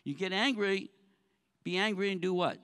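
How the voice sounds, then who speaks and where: A male pastor preaching a sermon. He talks earnestly, asks the congregation rhetorical questions, and moves between soft, low phrases and raised, pressing ones. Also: normal speed, smooth.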